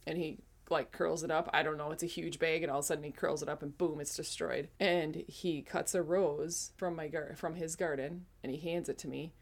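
Low-voiced woman telling a rambling testimony. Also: steady tone, brisk, hardly any pauses. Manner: rambling storytelling with frequent self-corrections. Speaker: speaker sharing a spiritual testimony. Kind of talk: casual personal testimony.

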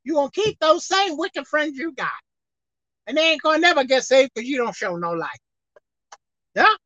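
A woman preaching a sermon, emphatic, swinging between loud exhortation and quiet asides, slowing down to read scripture. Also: high-pitched, expressive, no echo, dull audio.

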